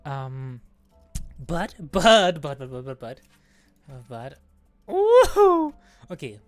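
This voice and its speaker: A woman streaming a game, chatting excitedly while pulling for rewards, squealing and laughing at good results and muttering when they are bad. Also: rumbling low, slow, dry recording, soft background music. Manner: squealing bursts of excitement, then deflated mumbling. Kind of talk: excited gacha-pull stream chat.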